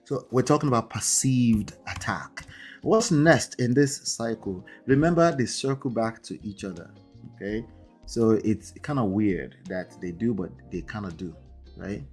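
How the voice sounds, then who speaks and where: A man's voice: lowish voice, lively intonation, measured pace, a little mellow, soft background music. A man with an accent, hosting a live marriage-coaching stream in a conversational way, often checking in with "right?" and "okay?". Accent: non-native English accent. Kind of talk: livestream talk.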